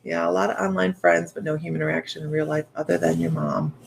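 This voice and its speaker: A woman's voice: low-pitched, little pitch movement, quick pace, creaky, slight background noise. A middle-aged woman hosting a casual livestream, chatty and upbeat, reading out viewer comments and laughing often. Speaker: psychic medium livestream host.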